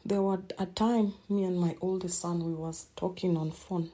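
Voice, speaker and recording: A middle-aged woman hosting a podcast, telling a personal story in an emotional, halting way and repeating words as she speaks. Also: on the low side, fairly even intonation, warm tone. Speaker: podcast host.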